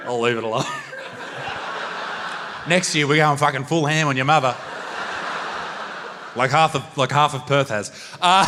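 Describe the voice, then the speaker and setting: A man with an Australian accent doing live stand-up comedy, brash and crude, talking loudly into a handheld stage mic. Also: on the high side, noisy background. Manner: brash, crude and loud, bursting into shouts. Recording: long reverb of a live venue.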